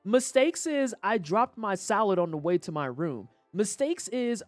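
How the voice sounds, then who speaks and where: A woman's voice: mid-range voice, very animated, unhurried, hardly any pauses, dry recording, faint music behind. A woman streaming a game, talking casually and ranting with profanity and quoted voices. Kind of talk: casual livestream commentary.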